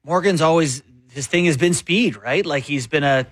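A man co-hosting a sports talk show, making his case in a quick, conversational, opinionated way. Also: on the high side, no room sound. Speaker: sports radio co-host and columnist.

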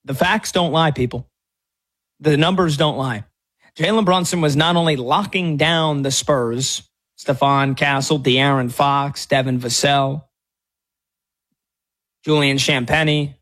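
Brash high-voiced sports radio host. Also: male voice, steady tone, unhurried, a bit bright. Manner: brash, mocking, argumentative. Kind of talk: sports talk commentary.

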